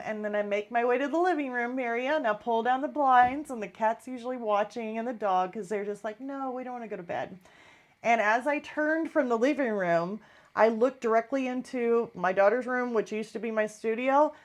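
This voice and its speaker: A middle-aged woman chats casually on her live stream, her voice a little higher than most. She tells a story in an easy, animated way and briefly imitates the people she quotes. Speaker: artist hosting a live stream.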